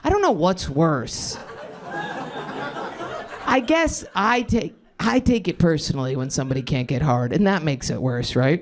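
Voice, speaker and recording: A woman's voice: deep voice, very animated, normal speed. A woman in her thirties doing crowd-work stand-up comedy on a club stage, rambling, cutting herself off and laughing at her own jokes. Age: 30s.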